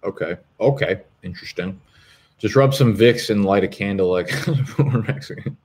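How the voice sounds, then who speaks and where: A man's voice: on the low side, moderate pace, a little mellow. A man, hosting a live stream in profane, rambling casual chat. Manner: profane, rambling, swears constantly.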